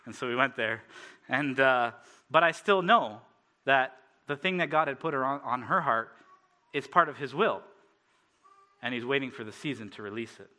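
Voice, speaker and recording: Bright-voiced man preaching with stories. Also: mid-range voice, expressive, moderate pace. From Canada. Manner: casual storytelling, laughs often, many fillers. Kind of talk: sermon with personal stories.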